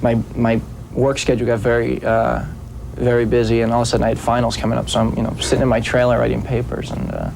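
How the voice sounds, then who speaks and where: A young man in his twenties answering interview questions in an easygoing, halting way. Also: medium pitch, little pitch movement, vocal fry, darkish tone, a little hiss or hum, low-quality recording. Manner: easygoing, halting, many fillers. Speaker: interviewed actor. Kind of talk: casual interview.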